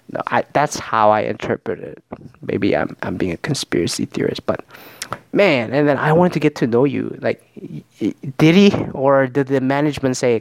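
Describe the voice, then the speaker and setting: A man with a gravelly, creaky voice talks through a reality-show episode in a loose, profane ramble. He keeps breaking into imitations of the people he quotes. The sound is dry and close. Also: mid-range voice, expressive, normal speed, no echo. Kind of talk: casual reality-show recap.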